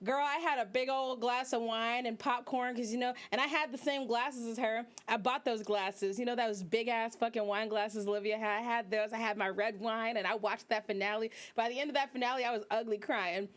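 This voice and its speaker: A young woman VTuber host giving casual, profane, animated commentary, exclaiming as she rants. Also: a little high, a little fast, hardly any pauses.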